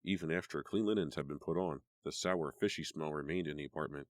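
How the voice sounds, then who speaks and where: A man narrating an audiobook in a measured storytelling manner. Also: extremely low pitch, no room sound, clean studio sound. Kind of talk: scripted narration.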